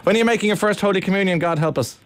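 A woman's voice: mid-range voice, racing. An adult woman hosting a playful chat with a child, teasing and joking with her. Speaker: radio host.

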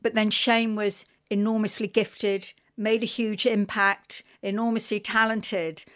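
A middle-aged woman with a London accent, a radio guest telling an animated, emotional story with many fillers. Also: mid-range voice, unhurried. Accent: London English. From England. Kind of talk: casual radio interview chat.

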